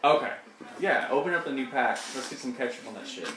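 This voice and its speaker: A man's voice: mid-range voice, lively intonation, quick pace, fairly bright tone, slight background noise. A young man hosting a casual podcast among friends, giggly and goofy, trailing off and laughing. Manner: giggly, goofy, breaks into silly singing. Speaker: podcast host. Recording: echoey room with music behind.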